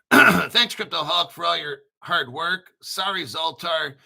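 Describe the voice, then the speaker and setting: A foul-mouthed male crypto host rambles through a news article, boasting and cracking crude jokes between sentences. His voice sits high for a man and sounds sharply bright and forceful, with a cutting edge to every word. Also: slow, vocal fry. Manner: crude, profane, boastful, jokey asides. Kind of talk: rambling live commentary reading a news article.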